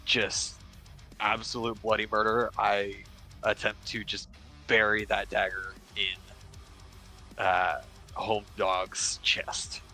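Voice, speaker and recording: Slow, bright-voiced male player. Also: on the low side, little pitch movement, vocal fry, soft background music. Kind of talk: tabletop game play.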